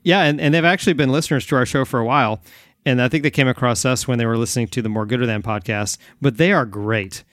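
A man's voice: mid-range voice, fast talker, a bit bright, no echo, studio quality. A man hosting a podcast in casual chat, rambling with frequent restarts. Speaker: podcast host.

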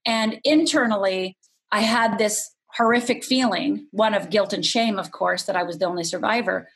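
A middle-aged woman from Upper Michigan, telling a painful personal story as a podcast guest in a candid, unhurried way. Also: mid-range voice, creaky, a bit bright. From Upper Michigan, USA.

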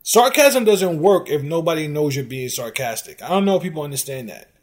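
A man hosting a sports commentary show, ranting in an exasperated, sarcastic way at fan comments and rising to loud outbursts. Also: on the high side, lively intonation, brisk. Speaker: sports podcast host.

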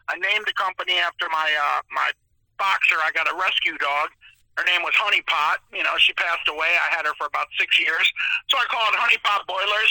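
High, bright-voiced chatty man telling stories. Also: gravelly, dry recording, rough recording. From moved to New Orleans area in 2000. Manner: animated storyteller, chatty and enthusiastic. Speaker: guest, seafood business owner. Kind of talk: casual podcast storytelling.

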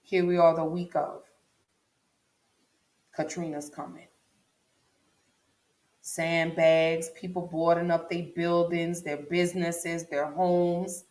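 Low-voiced New woman vlogger. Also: flat delivery, takes it slowly, pauses often, darkish tone. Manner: repetitive, emphatic, talks straight to viewers. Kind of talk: personal storytelling vlog. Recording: echoey room.

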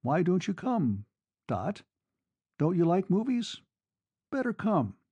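A man playing a young soldier, courteous and a touch unsure of himself, coaxing in a low, mellow storybook voice. The sound is dry and close. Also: huge pitch swings, slow pace, breathy edge, no echo, exaggerated voice. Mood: polite, coaxing. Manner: polite, tentative. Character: young male soldier, polite and uncertain.

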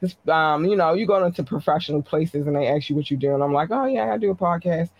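A woman podcast host giving casual live-stream shout-outs to her listeners, talking in a slangy, blunt, chatty way. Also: sits low, quick pace, lo-fi sound.

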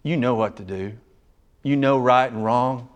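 A male preacher with a drawl delivers a sermon full of drama. He rises to loud, raised passages, then drops to near-hushed tones. His pitch sits in a middle range for a man. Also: a little slow, clear, resonant tone. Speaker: pastor.

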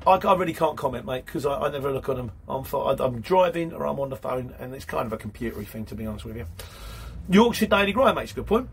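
A man's voice: mid-range voice, lively intonation, quick pace, creaky, slight background noise. A man hosting his channel, reading viewer comments aloud and answering them in a rambling, matey way. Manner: chatty, rambling, says mate. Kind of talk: casual live-stream chat.

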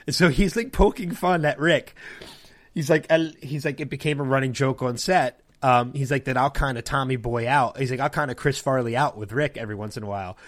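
Speaking fairly quickly at a medium pitch, a podcast host tells a long story in a relaxed, chatty way, voicing what other people said along the way.

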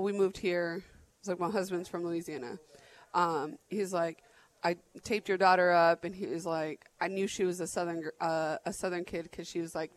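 A woman's voice: fairly low pitch, low-quality recording. A woman in her thirties from Arizona, chatting casually as a podcast co-host and rambling with lots of filler words and restarts. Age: 30s. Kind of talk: casual chat.

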